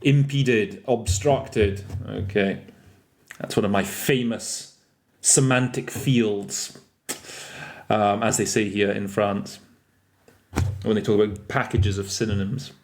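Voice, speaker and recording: A man's voice: on the low side, fairly even intonation, slow, pauses often, slight background noise. Chatty man teaching interpreting vocabulary. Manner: chatty, self-correcting, mixes in French and Russian terms. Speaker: interpreter trainer. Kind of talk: podcast lesson on interpreting vocabulary. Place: lives in France.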